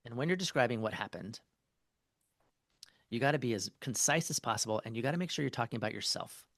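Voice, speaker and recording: Appearing as a guest on a podcast, a marriage therapist talks through an example in an easygoing interview, stumbling over fillers and restarting sentences. He speaks quickly and expressively in a mid-range, fairly bright voice, with no room sound.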